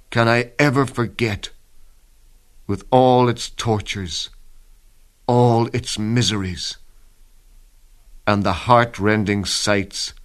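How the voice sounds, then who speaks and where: A man reading a wartime diary aloud in the first person, slow and grave, his voice sitting low. His delivery is measured and often drops to a hush. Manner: grave, measured, sinking to hushed tones. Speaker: diary reader.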